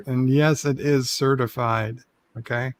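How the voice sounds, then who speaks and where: A man's voice: mid-range voice, fairly even intonation, a little slow, no room sound. A man co-hosting a podcast, chatting casually and cracking dry, wry jokes. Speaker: podcast co-host. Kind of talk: casual chat.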